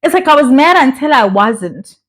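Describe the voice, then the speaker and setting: A young woman from South Africa with a fairly high voice and a sore throat. She chats in an animated, opinionated way as she reviews a reality dating show, acting out the people in it as she goes. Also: normal speed, breathy edge. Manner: animated and opinionated, acts out the cast members' voices. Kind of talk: casual chat, reviewing a show.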